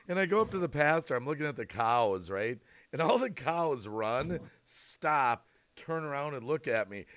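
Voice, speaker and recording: A man hosting a casual livestream chat, telling animated stories and often laughing through them. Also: medium pitch, no room sound. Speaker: livestream host.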